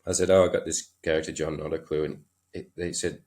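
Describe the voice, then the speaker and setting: A man's voice: a bass voice, flat delivery, quick pace, vocal fry, a little mellow. An Australian man, a horse trainer and podcast guest, telling stories in a loose, chuckling way with lots of fillers. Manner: chuckling, loose anecdotal delivery with many fillers. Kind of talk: casual interview storytelling.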